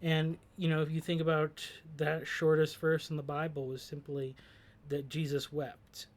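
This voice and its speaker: Guy talking through song lyrics, kinda higher voice, lots of ums and restarts. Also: level tone, normal speed. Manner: thoughtful, hesitant, many fillers and restarts. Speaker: host discussing song lyrics. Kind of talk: reflective commentary.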